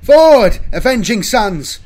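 A man's voice: on the high side, expressive, brisk, voice pushed up. A man voicing a fervent young male warrior scout who cries out battle calls with zeal. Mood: rallying cry.

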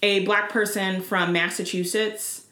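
A woman's voice: mid-range voice, measured pace, roomy sound. A woman in casual chat, telling stories animatedly and acting out the people she quotes. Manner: animated storyteller, acts out quotes.

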